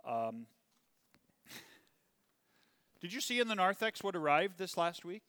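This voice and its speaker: A man's voice: high voice, sing-song, takes it slowly, sharp tone, clear, resonant tone. A male pastor giving a sermon, emphatic, drawing out key words, with chuckling asides, in a church. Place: church sanctuary. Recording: long reverb from a church hall.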